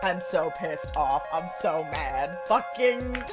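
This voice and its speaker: A woman's voice: low-pitched, lively intonation, slow pace. A woman hosting a game playthrough, reacting with swearing and outbursts of disbelief. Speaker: let's play host. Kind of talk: casual game commentary. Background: game music.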